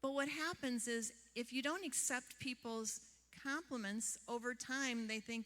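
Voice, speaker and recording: A woman's voice: on the high side, a little slow, few pauses, fairly bright tone. A woman therapist giving a seminar talk to a live audience, telling chatty stories and asking the room questions. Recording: long hall reverb.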